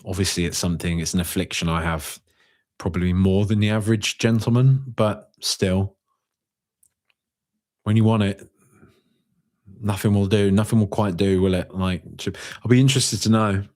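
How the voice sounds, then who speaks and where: A man hosting a fan podcast, reading out viewer comments in a jokey, rambling way with sudden high-pitched outbursts. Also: steady tone, moderate pace, pauses often, a little mellow. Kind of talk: casual live-stream chat.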